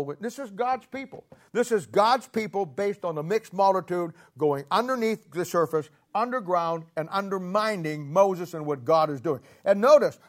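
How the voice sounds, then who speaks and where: A man preaching a sermon as pastor, emphatic and sarcastic, rising to loud outbursts. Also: high voice.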